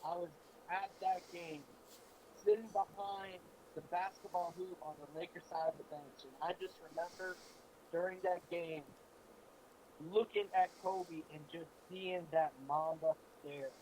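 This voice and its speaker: A man's voice: high voice, steady tone, measured pace, mellow, slight background noise, rough recording. A man telling sports stories in an earnest, emotional way during a casual talk show. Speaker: co-host.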